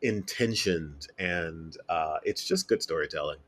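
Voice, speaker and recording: A man co-hosting a podcast, speaking casually and haltingly as he searches for words. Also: rumbling low, a bit bright, a little hiss or hum. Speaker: podcast co-host.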